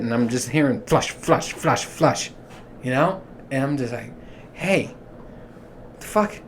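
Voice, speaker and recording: A man's voice: on the high side, a little hiss or hum. A man hosting a podcast alone, rambling profanely and laughing at his own jokes. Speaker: podcast host. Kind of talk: casual solo monologue.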